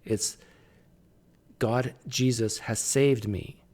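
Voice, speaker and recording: A man's voice: medium pitch, fairly even intonation, extremely slow, a little mellow. A man commentating casually on a clip, thinking aloud with frequent fillers and restarts. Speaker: video commentator.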